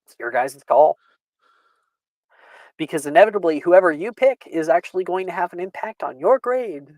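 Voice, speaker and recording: A man running a tabletop role-playing game as game master, chatty and quick to laugh. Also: high voice, lively intonation, darkish tone, no room sound. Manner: laughing often, loose and chatty.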